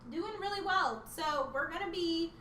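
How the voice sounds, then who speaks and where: A woman's voice: extremely high pitch, normal speed, bright, forceful tone. A young woman co-hosting a casual fan podcast, bubbly and rambling, often laughing. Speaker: podcast co-host. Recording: echoey room, mic far off, noisy.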